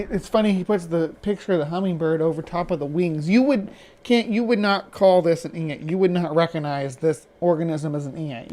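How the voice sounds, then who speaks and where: A man hosting a reaction stream, talking back at a video with skeptical, halting commentary full of restarts. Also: a little high, mellow. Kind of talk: casual commentary.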